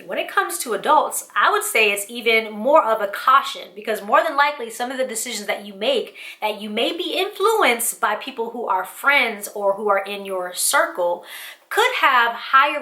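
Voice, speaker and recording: Brief: earnest woman vlog host, higher voice, roomy echo. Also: pushed and bright. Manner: earnest, upbeat, uses Southern-US slang like y'all. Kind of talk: casual faith-based encouragement talk. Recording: echoey room.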